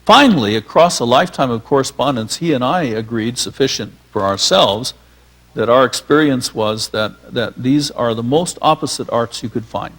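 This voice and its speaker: A man's voice: mid-range voice, expressive, normal speed, fairly bright tone. A man, a filmmaker guest, reminiscing onstage in a rambling, filler-laden storytelling way.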